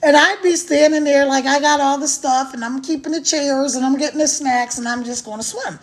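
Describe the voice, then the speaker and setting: A chatty, animated woman with a high voice talks straight into her phone during a casual livestream. She laughs easily and keeps the energy up as she speaks to her viewers. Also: fairly quick. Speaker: online business promoter. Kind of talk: casual live-stream chat.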